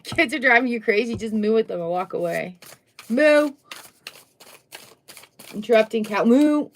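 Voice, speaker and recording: A woman's voice: mid-range voice, fast, a little hiss or hum. A middle-aged woman doing a casual, chatty tarot reading on a live stream, full of upbeat exclamations. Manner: chatty, upbeat, exclamations and little sung bits.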